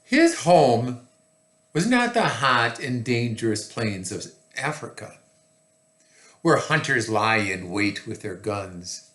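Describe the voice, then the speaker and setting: A man reading a picture book aloud to children, slow and expressive with chatty asides. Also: mid-range voice, echoey room.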